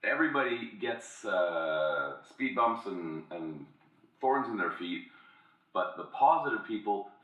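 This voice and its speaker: A man's voice: on the low side, expressive, slow, recorded from a distance. A man co-hosting a casual podcast, telling rambling stories and dropping into brief voice impressions. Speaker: podcast co-host. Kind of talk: casual chat. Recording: dull lo-fi sound in an echoey room, off mic.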